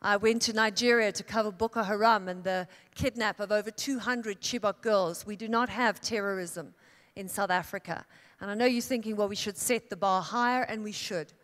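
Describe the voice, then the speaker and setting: A woman's voice: medium pitch, fairly bright tone. Dramatic woman speaker in a big hall. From Italy. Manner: dramatic storyteller with emphatic pauses and swells. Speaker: keynote speaker. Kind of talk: storytelling speech. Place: large conference hall. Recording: long hall reverb.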